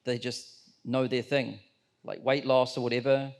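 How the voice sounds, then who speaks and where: A man with a gravelly, mid-pitched voice chats easily on a business panel. He takes the talk in a relaxed way and agrees with the other speaker. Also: normal speed. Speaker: co-host of the event.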